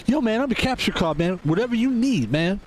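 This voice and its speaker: A man's voice: high voice, animated, brisk, a little hiss or hum, pitched above the performer's own voice. A man voicing a laid-back male capture card character with slangy, easygoing talk, eager to help.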